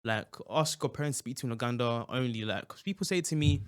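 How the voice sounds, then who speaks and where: A man's voice: mid-range voice, fast, clear, resonant tone. A young man, a guest content creator chatting casually in an interview, with many fillers and restarts. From England.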